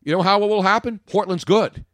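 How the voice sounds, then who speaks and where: A man hosting a sports talk podcast, opinionated and jokey, swinging from loud bursts to low muttering. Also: fairly quick, no echo.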